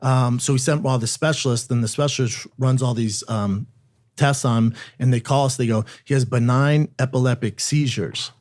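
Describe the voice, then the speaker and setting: A man's voice: medium pitch, fairly even intonation, moderate pace, darkish tone. A man on a podcast, telling a personal story in an emotional, profane way. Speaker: podcast guest. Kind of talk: casual chat.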